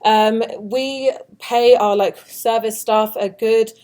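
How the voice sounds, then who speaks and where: A woman's voice: a little high, fairly even intonation, slow, a little mellow. A young woman from the United Kingdom with a British English accent, giving a chatty, upbeat orientation talk and joking with her audience. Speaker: study abroad orientation presenter. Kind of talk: orientation presentation.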